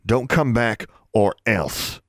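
A man's voice: fairly low pitch, slow, fairly bright tone, no room sound, studio quality, voice pushed up. A man playing a stern, growling teenage boy. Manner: growling, clipped commands. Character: stern commanding sixteen-year-old boy.

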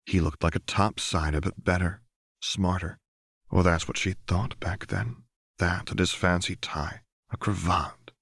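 A man narrating fan fiction as an audiobook in a slow, measured, dramatic reading. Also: low voice, fairly even intonation, vocal fry, a bit bright, slightly rough, no echo, studio quality.

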